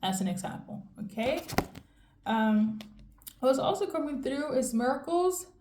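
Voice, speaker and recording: A woman with a raised yet mellow voice gives a casual tarot reading. She rambles in a fairly monotone way, keeps checking in with the listener, and sounds as if she is in an echoey room. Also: sits high, unhurried. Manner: monotone delivery. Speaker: tarot reader.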